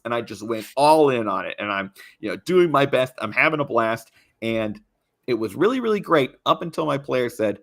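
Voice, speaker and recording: A young man talking as a guest in a casual chat, animated and expressive, laughing often. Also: mid-range voice, normal speed, vocal fry. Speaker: guest, YouTube creator on tabletop games.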